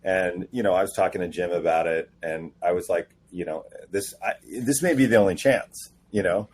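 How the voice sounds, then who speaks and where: A man guest on a casual podcast interview, telling animated stories and acting out quoted dialogue. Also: sits low, moderate pace, a little hiss or hum. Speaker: comic book writer guest.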